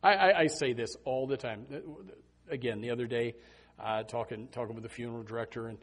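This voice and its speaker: A man's voice: medium pitch, brisk. A man preaching an impassioned, emphatic sermon as pastor.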